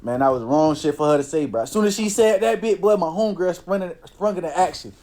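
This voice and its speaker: Casting: young guy with a higher voice, slangy animated storyteller. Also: quick pace. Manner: slangy, animated, says bro constantly. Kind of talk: casual storytelling.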